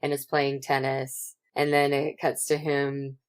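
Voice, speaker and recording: A woman with a low, deep voice talks her way through a movie recap as a podcast co-host. She tells it with energy and drops casual swears along the way. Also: measured pace, clear, resonant tone. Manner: animated retelling, swears freely. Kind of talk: casual chat recapping a film.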